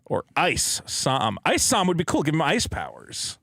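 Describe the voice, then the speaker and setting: Man from Massachusetts, podcast co-host, casual chat, slightly high expressive voice. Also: measured pace, gravelly, breathy edge, no room sound, studio quality. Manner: chatty, laughs easily, wry. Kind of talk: casual chat, reading viewer messages.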